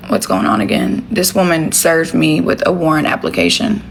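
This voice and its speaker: A woman with a lower-pitched voice streams live from her phone at home, talking straight to her viewers in a blunt, profane way. A faint hiss sits behind her voice. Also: very animated, moderate pace, creaky. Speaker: livestream host. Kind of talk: casual livestream chat.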